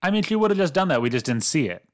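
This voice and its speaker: A man's voice: on the high side, very animated, rapid-fire. A man co-hosting a podcast in casual chat, joking and laughing often. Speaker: podcast co-host.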